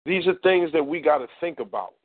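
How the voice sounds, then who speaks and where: A man's voice: on the high side, lively intonation, brisk, no echo. A man co-hosts a call-in radio show, making his points in a conversational, emphatic way and speaking straight to the listeners. His voice is dry and comes through a thin, tinny phone line. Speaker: talk radio co-host. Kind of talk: casual talk radio commentary.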